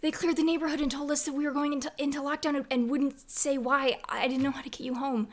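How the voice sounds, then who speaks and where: A woman's voice: high-pitched, level tone, quick pace, pitched above the performer's own voice, natural voice. A woman playing a shaken, worried mother. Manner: hushed, shaken, hesitant. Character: worried tense mother of a kid.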